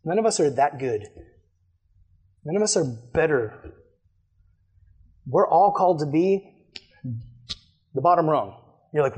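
A man's voice: high-pitched, lively intonation, moderate pace, pauses often, darkish tone. A young adult man, a youth pastor, preaching a conversational, emphatic sermon to a youth group.

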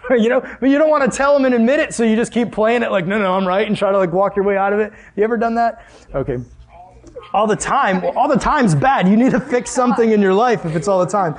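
A man preaching a sermon in a casual, conversational way, acting out the voices of the people in his story and asking the audience questions. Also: high voice. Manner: animated, acts out voices of Jesus and Pharisees.

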